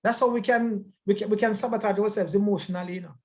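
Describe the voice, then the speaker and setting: A man's voice: high voice, steady tone, fast talker, darkish tone. A man teaching a church life-skills class in a conversational way, emphatic and often repeating words.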